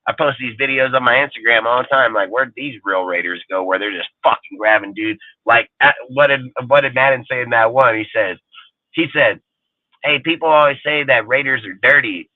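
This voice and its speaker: A man's voice: medium pitch, steady tone, a little fast, no echo. A man hosting a fan live show, ranting heatedly with lots of swearing. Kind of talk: livestream fan rant. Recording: tinny phone-like dry sound.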